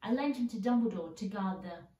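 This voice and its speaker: Woman voicing gruff big-hearted giant, hot-tempered; mellow read, distant mic. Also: mid-range voice, brisk, close to an everyday voice. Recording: roomy sound, mic at a distance.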